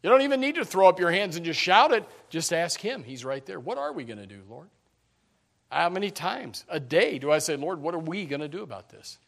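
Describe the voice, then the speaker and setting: A man preaching a sermon in an animated, emphatic way, often repeating words as he starts a sentence. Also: high voice, fairly quick, vocal fry. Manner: animated, emphatic preaching with sudden loud peaks.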